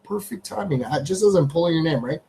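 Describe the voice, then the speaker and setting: A man's voice: fairly high pitch, expressive, fast, gravelly, warm tone, slight background noise, poor audio. Chatty Canadian man hosting a live stream. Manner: chatty, repeats phrases, talks to his pets. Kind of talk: casual live-stream chat. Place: home studio.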